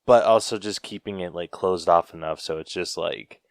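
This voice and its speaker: A man's voice: deep voice, moderate pace, dry recording. Laid-back man chatting, dry mic. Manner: loose, filler-heavy talk. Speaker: podcast co-host. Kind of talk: casual chat.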